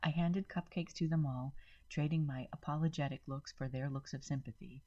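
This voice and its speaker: A woman storyteller reads a first-person story in a steady, measured voice. Her voice is low and husky. The recording is dull and lo-fi. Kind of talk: scripted story narration.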